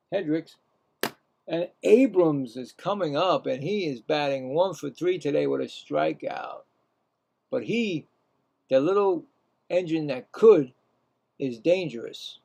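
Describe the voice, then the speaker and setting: A man calling a baseball game live in a loose, rambling way, talking to himself between pitches. His voice sits high for a man and carries a gravelly rasp. On the big calls he jumps up in pitch. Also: mellow. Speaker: play-by-play commentator. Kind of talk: casual live baseball play-by-play.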